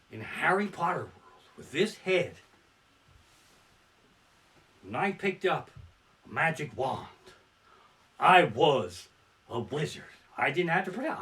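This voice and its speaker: Bright, lively-voiced crude comedian. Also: male voice, on the high side. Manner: crude, profane storytelling. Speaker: stand-up comedian. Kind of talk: live-streamed comedy set. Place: his living room at home. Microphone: barebones home streaming mic.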